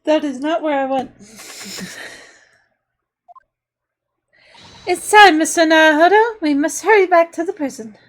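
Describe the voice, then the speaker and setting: A woman's voice: high voice, a little fast, lightly acted. A woman voicing a polite, formal young female assistant. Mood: urgent.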